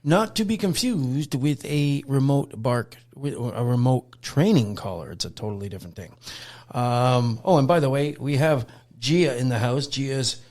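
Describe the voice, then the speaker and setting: A man's voice: medium pitch, measured pace, darkish tone. Rambling male podcast host. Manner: rambling, loose, many fillers and restarts. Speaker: podcast host and dog trainer. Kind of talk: casual podcast chat.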